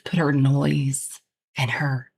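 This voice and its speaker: A woman's voice: very deep voice, flat delivery, takes it slowly, gravelly, darkish tone, slightly rough. A woman with a Southern US accent, chatting casually on a livestream as its host, talking frankly and laughing often.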